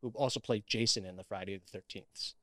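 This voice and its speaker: A man's voice: on the low side, a little fast, pushed and bright, dry recording, clean studio sound. A man, an actor, chatting as an interview guest, telling stories animatedly with many restarts. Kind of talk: casual interview chat.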